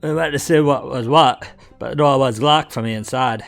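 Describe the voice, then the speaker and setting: A man's voice: medium pitch, moderate pace, creaky, faint music behind, close to an everyday voice. A man voicing a male Cockney crook in a mystery game, with a put-on Cockney accent and a clipped, storytelling delivery. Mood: conspiratorial.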